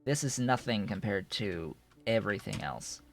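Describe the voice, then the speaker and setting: A man's voice: on the low side, lively intonation, normal speed, creaky, faint music behind. A man streaming a game, thinking aloud in a rambling way with many restarts. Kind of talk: casual live-stream commentary while playing.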